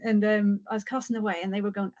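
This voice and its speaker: A woman's voice: medium pitch, little pitch movement, quick pace, a little mellow. A woman guest in a casual group chat, telling anecdotes in a chatty way. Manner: chatty storyteller, tells anecdotes. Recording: slightly dull lo-fi sound.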